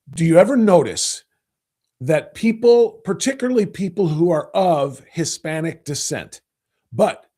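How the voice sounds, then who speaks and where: A middle-aged man hosting a livestreamed podcast, talking politics in a rambling, animated, opinionated way. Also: a little high. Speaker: podcast host. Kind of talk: casual political commentary livestream.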